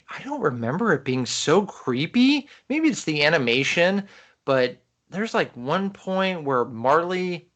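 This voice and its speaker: A man co-hosting a podcast in casual, animated chat, talking with enthusiasm. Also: fairly high pitch. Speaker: podcast co-host. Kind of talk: casual chat about films.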